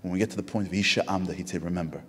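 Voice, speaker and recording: An American man telling a lively story to an audience, acting out the voices of the people in it. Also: rapid-fire, breathy edge. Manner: animated, acts out quoted voices in a high pitch. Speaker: Jewish speaker. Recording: echoey hall with long reverb.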